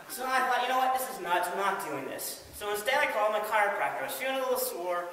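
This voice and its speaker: A man telling a lively story about a bad day in a devotional talk, laughing and exasperated. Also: high-pitched, fast, hardly any pauses, a crowd in the background. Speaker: ministry speaker. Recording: echoey distant room recording with faint hiss.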